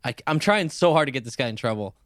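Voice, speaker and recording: A man's voice: medium pitch, fast, dry recording, clean studio sound. A man co-hosting a podcast, telling a rambling, profane story in casual chat. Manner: profane, animated anecdote-telling with laughs. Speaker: podcast co-host.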